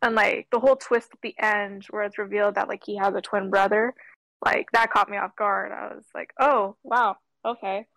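A woman's voice: medium pitch, flat delivery, a little fast, vocal fry, a bit bright, dry recording, poor audio. A young woman co-hosting a film podcast, talking hesitantly with many fillers. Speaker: podcast co-host. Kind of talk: casual film discussion.

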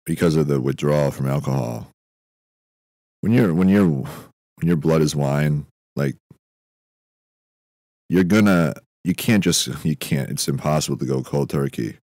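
A young man with a very deep, low voice drifts through a comedic podcast monologue, musing and doubling back on himself in a deadpan way. The sound is close and dry, with no room around it. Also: unhurried, gravelly, long pauses, no room sound. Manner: meandering, self-interrupting, deadpan musing with frequent fillers. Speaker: podcast host.

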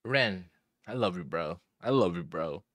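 A man's voice: sits low, expressive, measured pace. A young man hosting a music reaction, talking in casual slang and exclaiming in surprise as he listens. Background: song playing.

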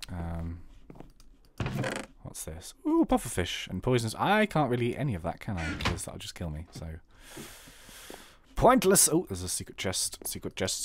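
A man chatting casually through a game playthrough, excitable and rambling, with a slightly sore throat. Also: medium pitch, background noise. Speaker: game commentator. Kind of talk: casual let's play commentary.

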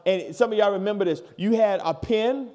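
High-voiced male preacher in his thirties. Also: a little fast, warm tone, slight background noise. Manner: preaching cadence that builds into hollering; talks straight to the congregation. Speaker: pastor. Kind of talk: sermon. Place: church.

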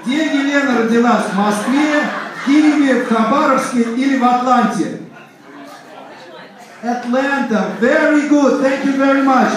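A man's voice: very high-pitched, normal speed, very echoey, distant mic, crowd noise, background noise. A man with a Russian accent, MC at a birthday party, running a joking trivia quiz for the tables in English and Russian. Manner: jokey, playful, switches between English and Russian. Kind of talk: party hosting, quiz questions to guests. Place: banquet room at a hotel party.

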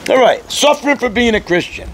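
A man preaching a sermon in a conversational, teasing way, often clearing his throat. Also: very high-pitched, lively intonation, brisk, fairly bright tone, a little hiss or hum. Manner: conversational preaching with mocking quoted voices. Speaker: pastor.

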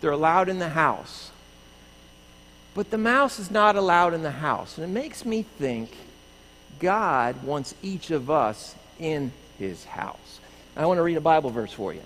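A man's voice: fairly high pitch, unhurried. A middle-aged man, a pastor, telling a playful children's story in a church sanctuary and acting out screams as he goes. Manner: animated, playful storyteller who acts out screams. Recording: echoey hall with faint room noise.

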